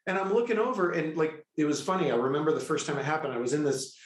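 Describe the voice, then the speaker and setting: A middle-aged man telling a personal story with excitable, animated energy, often breaking into quoted dialogue. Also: a little high, fast. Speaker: guest, healer. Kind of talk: storytelling in a conversational interview. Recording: echoey room.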